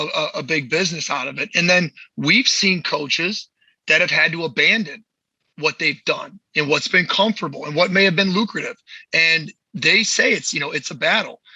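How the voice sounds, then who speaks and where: A man's voice: a little high, sharp tone, breathy edge, no echo, low-quality recording. A man hosting a podcast as a movement coach, talking in a blunt, heated and profane way. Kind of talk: casual podcast chat.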